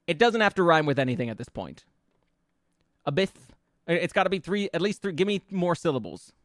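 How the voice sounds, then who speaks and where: A playful male streamer with a fairly high voice, chatting loosely with his viewers and thinking out loud as he tosses around word ideas. He talks close to the mic in a dry, dead room. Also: sing-song, a little fast, dry recording. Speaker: VTuber streamer. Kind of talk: casual live-stream chat with viewers.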